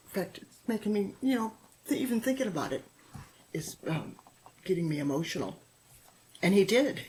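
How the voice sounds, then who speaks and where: A middle-aged woman speaking as a podcast guest, her voice sitting a little low for a woman. She tells stories with energy, slips into the voices of the people she quotes, and laughs easily. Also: moderate pace, poor audio. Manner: animated storyteller who acts out quotes and laughs often. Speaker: guest, author and former teacher. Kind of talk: podcast interview storytelling.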